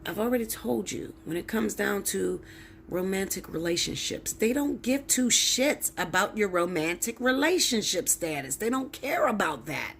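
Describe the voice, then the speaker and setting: A woman tarot reader rants straight to camera in a mid-range, slightly bright voice with vocal fry, animated and at normal speed. She is blunt, emphatic and preachy, swearing heavily, over a little hiss or hum.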